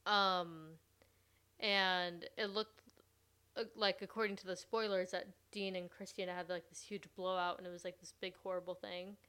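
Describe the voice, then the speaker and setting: Chatty young woman with a smooth voice. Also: lowish voice, little pitch movement, moderate pace, bright, forceful tone. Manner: chatty, gushing, full of "like". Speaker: podcast host. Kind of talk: casual recap chat.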